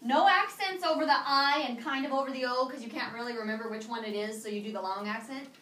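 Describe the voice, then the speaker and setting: A woman teaching a high school Spanish class, drilling students with call-and-response prompts in English and Spanish. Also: fast talker, pushed and bright. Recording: echoey classroom from far off, faint noise.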